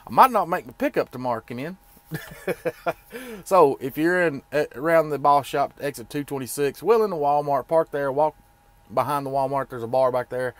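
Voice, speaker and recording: A middle-aged man, telling a rambling, folksy story about his day in a casual vlog. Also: mid-range voice. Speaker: trucker vlogger.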